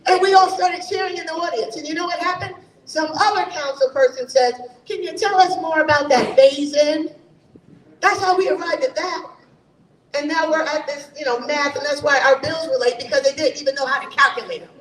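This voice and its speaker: A woman's voice: high-pitched, steady tone, brisk, a bit bright. A woman from New Haven speaking as a mayoral candidate at a forum, emphatic and rousing, full of rhetorical questions. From New Haven, Connecticut. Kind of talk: campaign forum speech. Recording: echoey room from far off.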